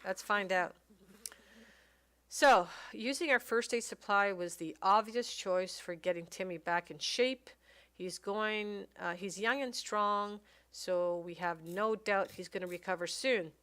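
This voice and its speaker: A woman giving casual gameplay commentary, reading game text aloud and thinking out loud with many pauses and fillers. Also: mid-range voice. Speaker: let's play commentator.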